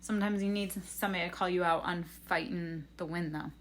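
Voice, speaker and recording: A woman's voice: on the low side, steady tone, fairly quick, slight background noise. A young adult woman on a livestream reading tarot, telling a rambling, earnest story full of fillers and advice. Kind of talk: casual chat.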